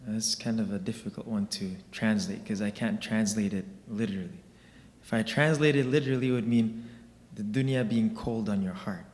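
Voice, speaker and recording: A man's voice: fairly low pitch, fairly even intonation, moderate pace, darkish tone. A man giving a religious class in a conversational way, explaining with everyday examples and often asking "right?" to check in with listeners. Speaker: religious teacher. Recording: long reverb of a large hall.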